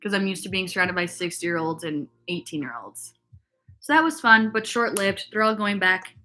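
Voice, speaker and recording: A woman's voice: mid-range voice, animated, moderate pace, sharp tone. A young woman from upstate New York, hosting a casual fitness livestream and telling a rambling, gossipy story packed with "like" fillers, and answering chat comments.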